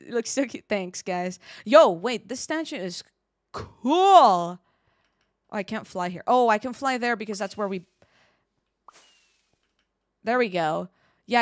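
A woman streaming a game live, chatting with her viewers in an excitable, giggly way. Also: mid-range voice, no echo, clean studio sound. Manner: excitable, giggly, talks to chat.

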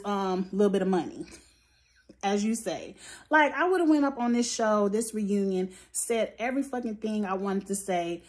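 Woman, vlogger, casual reality TV recap, blunt, profane, animated, mid-pitched voice. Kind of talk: casual opinionated commentary.

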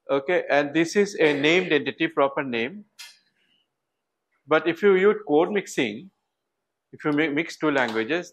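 A man with an Indian English accent teaches a class in a lecture hall. His voice sits a little high for a man. He keeps asking the students questions and repeats words to drive a point home. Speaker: university lecturer.

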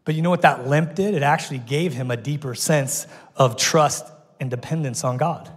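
In a church auditorium with the long reverb of a church hall, a male pastor preaches a sermon, telling stories energetically and acting out the voices of people he quotes. His voice is mid-range and slightly rough, at a moderate pace.

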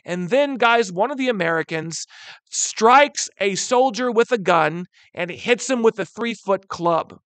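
A man teaching a history lesson in an animated way, who keeps calling his listeners "guys" and briefly acts out quotes. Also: high voice, a little slow, dry recording. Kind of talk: recorded history lecture.

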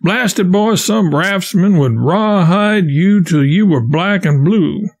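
A man reading the part of a gruff raftsman boss who questions a stowaway in a blunt, commanding way. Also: high voice, slow pace, pitched above the performer's own voice, full character voice. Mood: stern. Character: gruff grown raftsman boss, stern but fair.

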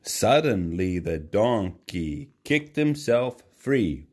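A man reads a children's storybook aloud at an unhurried pace. His pitch swings widely as he tells it. He stops to ask the child questions about the pictures. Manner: slow, lively read-aloud, voices for the characters, chats with the child. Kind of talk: reading a picture book aloud.

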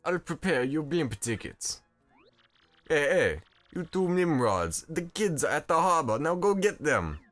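A man's voice: a little high, big pitch swings, a little slow, fairly bright tone, voice pushed up. A man voicing a stern mafia boss who is a large island creature, growling out game dialogue in a tough-guy manner. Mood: scheming.

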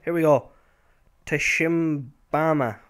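A young man giving casual, rambling commentary over a football video game, with sudden excited outbursts. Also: fairly high pitch, takes it slowly, clear, resonant tone. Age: young adult. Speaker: gameplay commentator.

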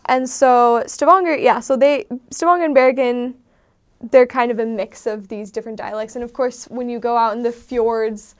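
Woman, casual explainer, slightly high pitch, lots of ums, rambling friendly chat. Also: fairly even intonation, normal speed. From not from Norway. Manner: chatty and meandering, with many ums. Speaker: vlogger explaining dialects.

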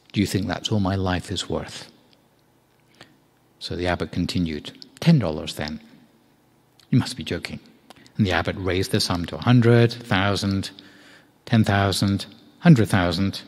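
A man, a monk, giving a Dhamma talk in a meditation hall, telling a story in a measured, gentle way with a few fillers. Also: sits low. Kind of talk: storytelling sermon.

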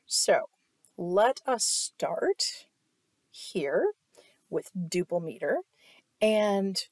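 A woman with a slightly low voice teaches music theory to an online class. She speaks slowly and patiently, stopping often to ask "right?", in a dry, close recording. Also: animated, a little mellow, no echo. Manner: explanatory, asks "right?" often, claps to demonstrate.

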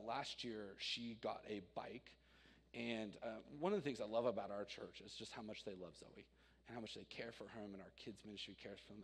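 A man in his thirties preaching a sermon, telling personal stories with animated swings from loud to quiet. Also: fairly low pitch, husky. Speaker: pastor. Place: church sanctuary. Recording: reverberant church hall.

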